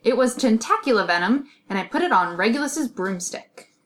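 A woman's voice: a little high, lively intonation, moderate pace, fairly bright tone, slight background noise. A cocky teenage wizard boy, voiced by a woman in an amateur audio drama. He sounds offhand and lazy, and he teases everyone around him. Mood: teasing.

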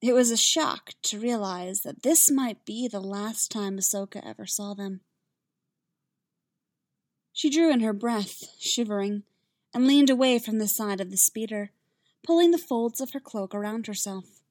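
A woman reading fan fiction aloud in a steady, measured narration. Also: on the high side, dry recording, clean studio sound. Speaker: reader.

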